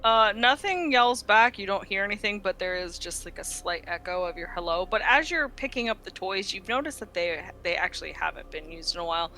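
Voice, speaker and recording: A woman's voice: mid-range voice, animated, a little fast, few pauses, bright, forceful tone, slight background noise. A woman narrating as game master, describing scenes with frequent ums and restarts.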